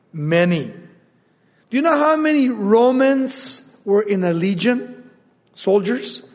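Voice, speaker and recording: High-voiced preacher in a reverberant hall. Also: male voice. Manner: emphatic, swings from loud to hushed. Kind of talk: sermon.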